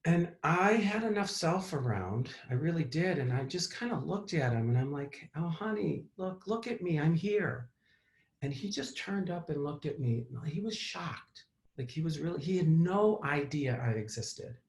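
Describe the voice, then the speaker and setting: A man's voice: a little high, animated, moderate pace, reverberant. A man hosting a therapy talk, telling a personal story to his audience in a candid, reflective way with fillers and restarts.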